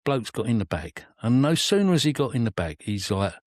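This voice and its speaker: A man's voice: mid-range voice, very animated, fairly quick, a little mellow, dry recording, clean studio sound. A man, a cab driver co-hosting a casual chat and telling anecdotes, acting out what passengers said. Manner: anecdotal storyteller, acts out passengers' lines. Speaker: London cab driver, co-host.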